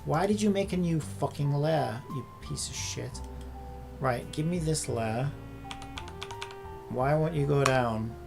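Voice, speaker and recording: Gravelly exasperated creator muttering at a computer. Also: medium pitch, measured pace, over music. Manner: muttering and swearing at software, exasperated. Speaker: content creator. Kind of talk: casual commentary while working on screen.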